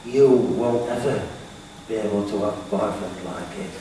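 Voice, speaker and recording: A man voicing his own gloomy, self-defeating inner voice in a low mutter, heard from far off in an echoey hall. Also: moderate pace, mellow, slight background noise, lightly acted.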